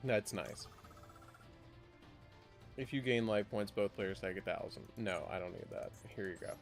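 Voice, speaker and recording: A man streaming a card game live, chatting excitedly to his viewers, laughing often and muttering through his plays. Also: lowish voice, unhurried, faint music behind. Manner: excitable, laughs a lot, talks to chat.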